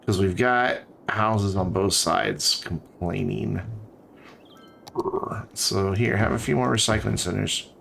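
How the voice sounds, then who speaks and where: A man's voice: lowish voice, slow, gravelly, fairly bright tone, a little hiss or hum. A man streaming a city-building game, chatting casually and thinking aloud as he builds. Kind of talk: casual let's-play commentary.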